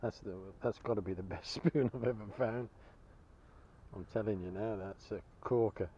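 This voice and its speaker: A man's voice: on the low side, moderate pace, warm tone, highs cut off, slight background noise. A man chatting cheerfully to the camera as he metal-detects outdoors, chuckling and enthusiastic about each find. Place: outdoors in a field.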